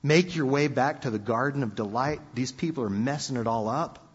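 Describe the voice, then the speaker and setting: A man preaching a sermon in an animated, conversational storytelling manner. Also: mid-range voice, moderate pace, husky. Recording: dull lo-fi sound with long hall reverb.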